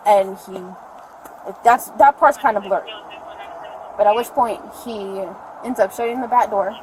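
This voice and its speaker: A woman's voice: medium pitch, a little slow. A woman rambling breathlessly as she recounts events to police outdoors, heard through a body camera. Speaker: arrested mother. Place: outdoors by a store parking lot. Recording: noisy body cam audio outdoors.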